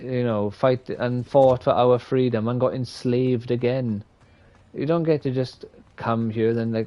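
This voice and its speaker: A man's voice: medium pitch, a little slow, warm tone. A man from Wales, rambling and swearing as he gives live gameplay commentary. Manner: rambling, profane, opinionated. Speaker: streamer.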